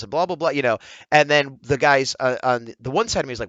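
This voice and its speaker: A man's voice: medium pitch, very fast, no echo, dull audio. A man vlogging casually, telling an exasperated story, acting out what each person said. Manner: animated, exasperated storytelling with quoted dialogue. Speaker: vlogger and comic artist. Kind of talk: casual vlog rant.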